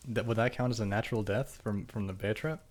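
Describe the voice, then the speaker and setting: A man's voice: on the low side, steady tone, fast. A man running a tabletop game, chatting casually on a podcast, joking around and repeating his words. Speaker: game master.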